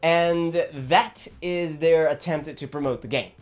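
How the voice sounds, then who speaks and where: A young man from Brazil, chatting casually about a video game in an animated, rambling, jokey way. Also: on the high side, slow, soft background music. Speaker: gaming vlogger.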